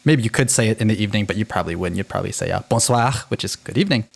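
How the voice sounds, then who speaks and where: A man's voice: lowish voice, expressive, very fast, creaky, slightly rough. A man co-hosting a linguistics podcast, chatting animatedly with frequent restarts. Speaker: podcast co-host. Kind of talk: casual educational chat.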